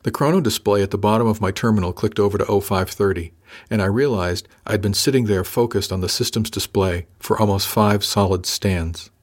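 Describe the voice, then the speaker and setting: A man reading a first-person science fiction story aloud in a measured, dry manner. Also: lowish voice. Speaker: narrator. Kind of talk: scripted first-person audiobook narration.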